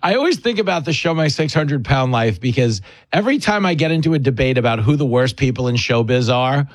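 A man's voice: medium pitch, animated, a little fast, no echo. A man hosting a talk show, joking with a guest in loose comedic banter and laughing often. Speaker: radio host.

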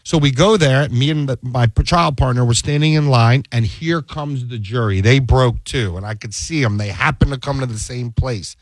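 A man's voice: mid-range voice, normal speed, few pauses, dry recording. A man, a defense attorney, telling stories in a casual chat and acting out the dialogue he quotes. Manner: animated storyteller, acts out quoted dialogue.

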